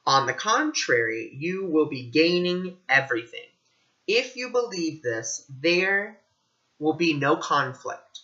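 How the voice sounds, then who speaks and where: Earnest man teaching spirituality, bright voice. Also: fairly high pitch, slow pace, lo-fi sound. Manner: earnest, animated storytelling with quoted voices. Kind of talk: casual spiritual talk to camera.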